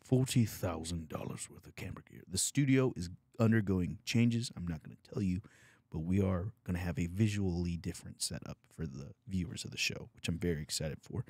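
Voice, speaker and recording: Crude, rambling young comedian, lowish voice. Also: male voice, a little fast, darkish tone, no room sound, clean studio sound. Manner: crude rants, drawling put-on bro voice. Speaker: podcast co-host. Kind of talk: casual comedy podcast chat. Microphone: studio microphone.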